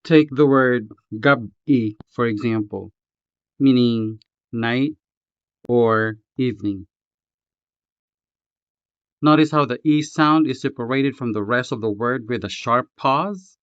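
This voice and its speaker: A man teaching a language lesson, reading a script slowly and carefully, spelling out each syllable. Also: mid-range voice, clear, resonant tone, no echo, dull audio. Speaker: language tutor.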